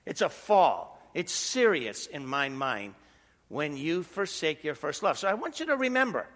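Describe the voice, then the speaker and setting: A middle-aged male pastor preaching in a chatty way and asking the room questions. His voice sits high and rings bright and forceful. The sound carries the long reverb of a large hall. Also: very animated, unhurried. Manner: conversational preaching with rhetorical questions. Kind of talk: sermon.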